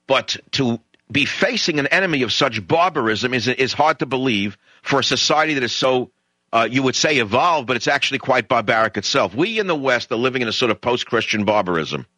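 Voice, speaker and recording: A man's voice: medium pitch, expressive, a little fast, sharp tone, no room sound, poor audio. A middle-aged man delivering an emphatic, indignant talk radio monologue, lecturing his listeners and running through long lists.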